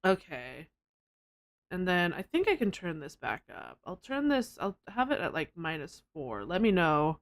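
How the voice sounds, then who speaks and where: A woman's voice: very animated, moderate pace, hardly any pauses. Giggly rambling woman streamer. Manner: giggly, rambling, with frequent laughter; squeaky high protests when flustered. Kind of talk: casual live-stream chat.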